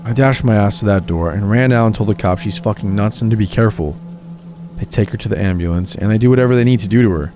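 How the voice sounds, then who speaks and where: A man narrating true scary stories in a calm, scripted storytelling read. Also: fairly low pitch, fast talker. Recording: voice-over with music behind.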